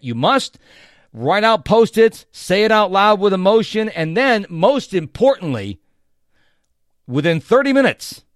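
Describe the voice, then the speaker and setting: Lively emphatic man hosting a podcast. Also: a little high, no echo, studio quality. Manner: emphatic, repeats phrases, speaks directly to listener. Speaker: podcast host. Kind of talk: motivational podcast monologue.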